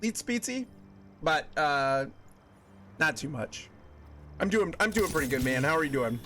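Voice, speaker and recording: A man's voice: on the high side, expressive, unhurried, fairly bright tone, faint music behind. A man streaming a video game live, joking with his chat and laughing often. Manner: jokey, laughs often, chats with viewers.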